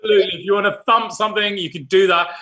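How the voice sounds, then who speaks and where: A British man hosting a live-streamed panel, coaxing viewers through an exercise in an animated, jokey way. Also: sits high, very fast. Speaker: host leading a group exercise.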